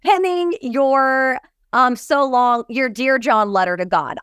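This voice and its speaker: A woman's voice: high-pitched, lively intonation, unhurried, a bit bright, clean tone, dry recording, studio quality. A woman hosting an interview, responding to her guest in an enthusiastic, affirming way. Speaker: interviewer and host. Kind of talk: warm conversational interview.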